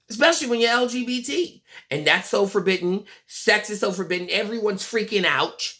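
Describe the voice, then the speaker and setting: A person in their forties vlogging a casual, blunt and profane monologue, telling stories in an animated way. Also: mid-range voice, fairly quick, hardly any pauses. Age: 40s.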